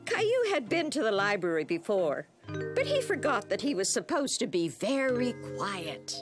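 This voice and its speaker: A woman narrates a preschool cartoon in a gentle, clear storytelling voice. Her pitch moves expressively, rising and falling through each sentence. Loud, bouncy children's music plays under her. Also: big pitch swings, normal speed.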